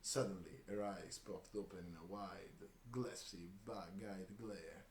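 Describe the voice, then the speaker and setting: A man with a lowish voice reads a story aloud, stopping to laugh and comment. The recording is roomy with a faint hiss behind it. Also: steady tone, a little slow. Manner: laughs and breaks off with asides. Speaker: reader. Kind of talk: comedic reading of a crude story.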